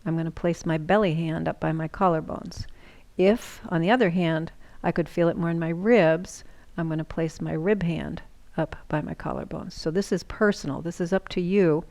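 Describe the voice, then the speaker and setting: A woman yoga instructor giving calm, slow breathing cues, sometimes dropping into a whisper. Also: fairly low pitch.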